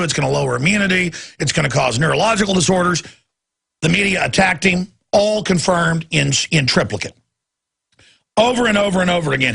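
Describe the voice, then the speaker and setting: A male talk radio host with a heavily gravelly, raspy voice that sits a touch high for a man. He rants through a monologue with a forceful, bright edge. He slips into the voices of the people he quotes. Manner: ranting, acts out quoted voices.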